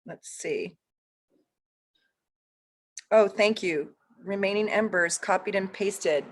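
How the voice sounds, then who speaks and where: A woman's voice: mid-range voice, slow. A woman astrologer hosting a casual live stream, chatting with viewers, easily flustered and laughing often.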